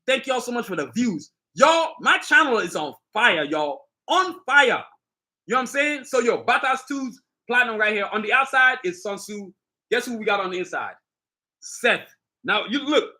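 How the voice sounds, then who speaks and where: A man's voice: very high-pitched, bright, forceful tone. A middle-aged man hosting a casual live stream, talking up his own sneaker line with boastful street slang and constant direct talk to viewers. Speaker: sneaker designer and channel host.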